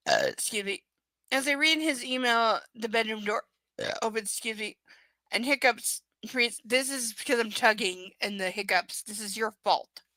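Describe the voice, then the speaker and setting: Reading a romance novel live on stream, this woman keeps stopping to comment with chatty, sarcastic remarks and casual swearing. She speaks at normal speed in a bright, forceful voice that runs a bit high, and there's no room sound.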